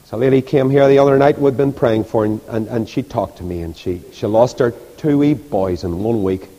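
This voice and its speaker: A man preaching a sermon with passion, rising to high, loud peaks and dropping soft again. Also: highs cut off. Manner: impassioned, rises to loud high peaks, then drops soft. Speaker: preacher and Bible class leader. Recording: long hall reverb.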